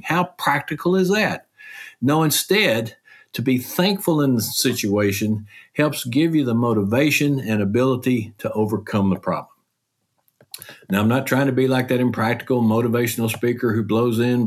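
Folksy, animated middle-aged man host. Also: normal speed. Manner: folksy, animated, with mock quotes in a higher voice. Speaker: podcast host. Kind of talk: conversational motivational talk.

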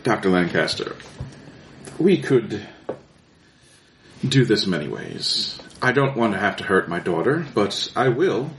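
A smug, cruel villain officer, as a man puts him on, speaks in a silky, mocking tone and turns coldly threatening. His lines swing up and down in pitch. The recording has an echoey room and a faint hiss. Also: sing-song, unhurried, long pauses. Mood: menacing.

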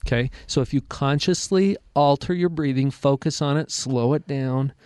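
Measured male explainer, mid-pitched, dry close mic. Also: darkish tone, smooth, no echo. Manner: slow, measured, instructive. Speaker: guest expert on stress. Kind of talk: calm explanatory chat.

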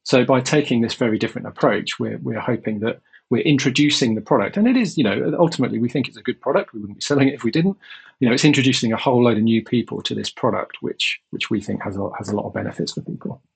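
A man answering interview questions about his company's life insurance, in an earnest, measured way with long explanations. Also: medium pitch, poor audio. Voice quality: gravelly and husky.

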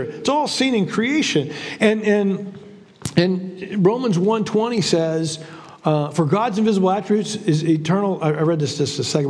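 A man's voice: high voice, a little mellow, big-room sound. A man preaching a sermon as pastor, in a conversational style with frequent repeats and restarts.

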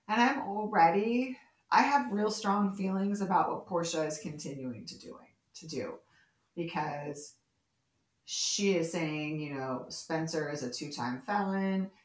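A woman's voice: lowish voice, echoey room. A woman co-hosting a podcast, chatting casually and acting out the characters' lines as she recaps scenes. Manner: animated, quotes characters as she retells scenes. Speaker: podcast co-host. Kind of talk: casual chat recapping a soap opera.

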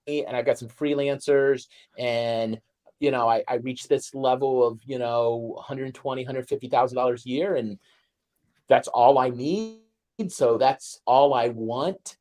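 A man's voice: medium pitch, darkish tone. A man co-hosting a casual discussion, rambling and repeating phrases as he thinks aloud. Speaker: co-host.

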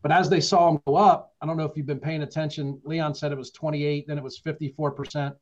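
A man argues in an animated, combative way on a real estate panel. His voice is fairly high. The sound is dull and lo-fi. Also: fast talker. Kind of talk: panel debate.

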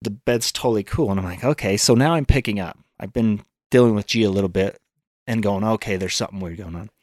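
A man's voice: lowish voice, quick pace, darkish tone, no echo, studio quality. Earnest man telling a personal story. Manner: earnest, acts out quoted thoughts. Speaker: guest. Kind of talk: storytelling in a podcast interview.

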